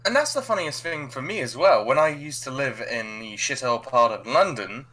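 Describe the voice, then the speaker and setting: A man's voice: mid-range voice, lively intonation, moderate pace, sharp tone. A man chatting casually on a stream, making wry, joking remarks. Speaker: stream guest. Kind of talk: casual chat.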